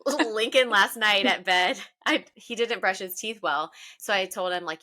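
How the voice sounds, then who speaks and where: A woman's voice: medium pitch, takes it slowly, sharp tone. A woman in her thirties co-hosting a casual chat, telling emotional stories. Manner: chatty, emotional storytelling. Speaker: podcast co-host.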